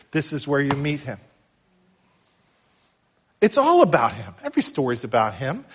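A middle-aged man preaching a sermon as pastor, swinging from loud emphatic peaks to hushed, tender lows. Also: big pitch swings, moderate pace, long pauses, husky.

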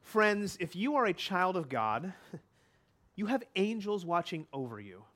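Guy preaching, high voice, chatty and keeps asking the congregation stuff. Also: big pitch swings, measured pace, fairly bright tone. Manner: conversational, asks the listeners questions. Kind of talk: sermon.

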